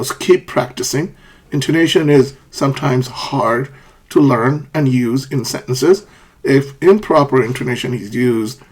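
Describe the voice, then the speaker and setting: A man's voice: mid-range voice, husky. A man teaching an English intonation lesson, acting out example sentences and often checking in with "okay?".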